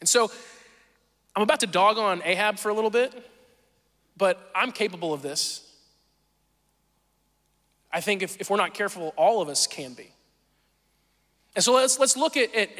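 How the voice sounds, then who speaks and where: A man in his thirties with a Southern accent, preaching a sermon and telling animated, self-deprecating stories from his own life. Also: high-pitched, big-room sound. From Southern Missouri. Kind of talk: sermon with personal storytelling.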